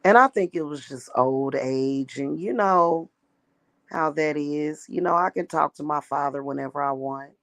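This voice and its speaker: A woman's voice: sits low, unhurried, a bit bright, no room sound. A woman talking casually in a vlog monologue, rambling and repeating herself with emphatic restarts. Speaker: spiritual practitioner.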